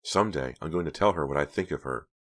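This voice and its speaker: A resentful teenage girl voiced by a man in an audiobook reading. She speaks heatedly and bitterly, pitched well above the reader's own deep voice. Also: fast talker, a bit bright.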